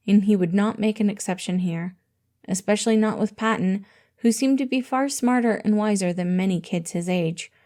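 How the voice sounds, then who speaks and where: A woman reading fan fiction aloud in a steady, gentle storytelling manner. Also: medium pitch. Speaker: audiobook reader.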